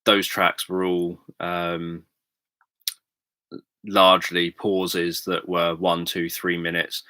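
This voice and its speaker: A British livestream host and sleep story narrator chats casually in a very low, flat, smooth voice with no room sound. He explains things calmly and thoughtfully at a measured pace, with frequent ums.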